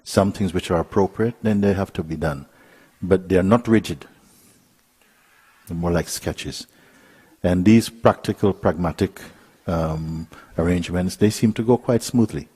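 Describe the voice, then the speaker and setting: Low-voiced laughing spiritual teacher, a man. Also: measured pace, husky. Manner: gentle, laughing storyteller. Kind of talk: relaxed satsang talk.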